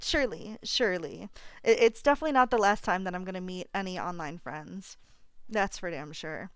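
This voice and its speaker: A woman's voice: fairly low pitch, fairly quick, a bit bright, smooth, no echo. A young woman streamer chatting casually and emotionally to her viewers, gushing with lots of fillers and restarts, teary and close to crying. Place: home apartment.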